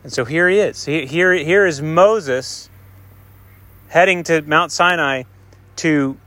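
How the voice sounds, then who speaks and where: Higher-voiced male preacher, hushed to ringing. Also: takes it slowly, no room sound. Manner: swings between raised passages and hushed, soft asides; conversational, checks in with listeners. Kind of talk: sermon, reading and retelling scripture.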